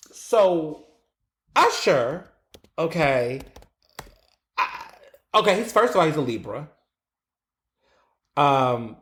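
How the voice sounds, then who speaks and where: A man hosting a solo podcast, telling stories in an animated way and acting out his own exclamations. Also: fairly high pitch, echoey room. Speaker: podcast host.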